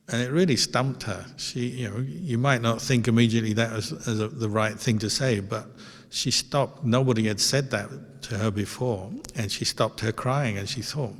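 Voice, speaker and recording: A man, a Buddhist monk giving a calm, gentle dharma talk through stories. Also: medium pitch, normal speed. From Australia. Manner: calm, gentle anecdotal telling with fillers. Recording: long reverb, hall.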